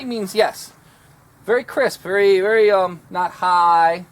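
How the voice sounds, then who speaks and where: High-voiced, folksy man teaching outdoors. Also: takes it slowly. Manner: folksy, rambling, self-deprecating. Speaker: martial arts instructor. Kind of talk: casual instructional talk.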